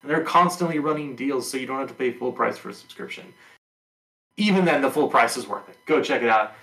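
A man hosting a sports podcast, talking in a relaxed, rambling way with lots of ums. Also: mid-range voice, brisk, roomy sound, low-quality recording. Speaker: podcast host. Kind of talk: casual sports talk.

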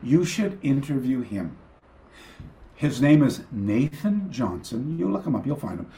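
A man's voice: medium pitch, measured pace. Rambling older man telling a story. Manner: animated, rambling anecdotes with many restarts and acted quotes. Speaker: guest karate teacher. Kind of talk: storytelling in a casual interview.

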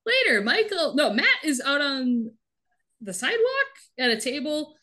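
A woman's voice: high voice, big pitch swings, measured pace, pushed and bright. Wry woman recapping a show. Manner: wry, sarcastic, reads out lines with light voices. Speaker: podcast co-host recapping a TV show. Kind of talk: casual chat recap.

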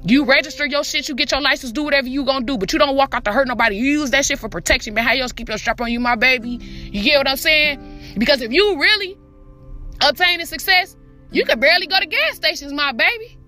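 A woman with a high, bright voice delivers a motivational podcast monologue, preachy and full of profanity. She talks straight to the listener and repeats herself for emphasis. Soft music plays faintly behind her. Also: fast. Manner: repetitive, emphatic street talk. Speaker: podcast host.

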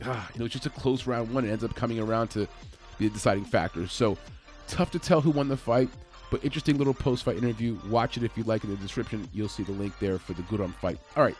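Guy casually breaking down a fight, average pitch, lots of ums and restarts, faint music behind. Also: a little mellow. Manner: conversational, many fillers and restarts. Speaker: MMA fight analyst.

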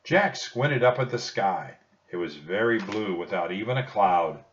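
A man narrating a children's storybook audiobook in a slow, expressive storytelling manner. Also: low voice, slight background noise. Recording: dull distant recording.

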